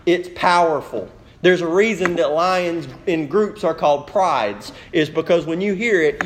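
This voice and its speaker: A young man delivers a sermon in a church in a fairly high voice. He tells stories with lively energy and turns to the congregation with direct questions. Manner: animated storytelling, addresses congregation directly. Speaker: pastor.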